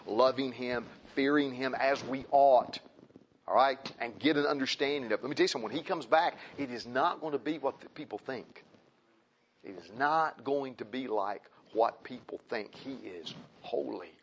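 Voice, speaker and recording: A man preaching a sermon, impassioned and repetitive, swinging from loud emphasis to quiet pleading. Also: medium pitch, a little hiss or hum. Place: church. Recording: dull lo-fi recording.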